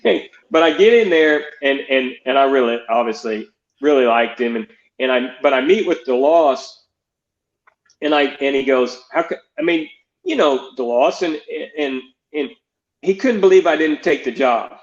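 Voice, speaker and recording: A man's voice: medium pitch, expressive, moderate pace. Older man rambling through coaching stories. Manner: rambling, many restarts, quotes others in dialogue. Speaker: guest, baseball pitching coach. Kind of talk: storytelling interview. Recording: roomy, dull lo-fi sound.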